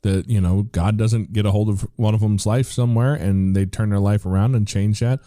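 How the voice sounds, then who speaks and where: American podcast host, forties, low dark voice, dry close sound, earnest and rambling. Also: male voice, fairly even intonation, fairly quick, no room sound. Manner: earnest, rambling, with frequent restarts. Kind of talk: casual conversational interview.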